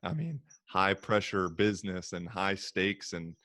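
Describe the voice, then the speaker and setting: An American man hosting a podcast, relaxed and rambling with many fillers in casual chat. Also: sits low, unhurried, no echo, studio quality. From United States. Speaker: podcast host.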